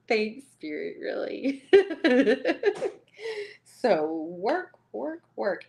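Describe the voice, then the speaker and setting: A woman's voice: on the high side, big pitch swings, extremely slow, gravelly, long pauses, a little mellow, slight background noise. A woman with a Southern US accent giving a chatty live-streamed tarot reading, laughing often between cards. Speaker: tarot reader.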